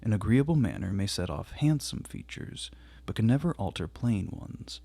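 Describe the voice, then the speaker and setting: A man reading aloud voices a proud, dismissive young woman who answers with indignant emphasis, in a gravelly, husky voice. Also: lowish voice, very animated, normal speed, warm tone, no echo, heavily acted. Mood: curt.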